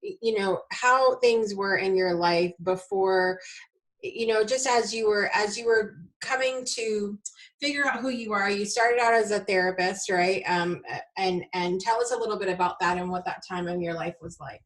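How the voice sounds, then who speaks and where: A woman's voice: medium pitch, normal speed. A woman hosting a talk show, chatting casually with her guest, laughing often and saying "like" a lot. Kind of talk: casual interview chat.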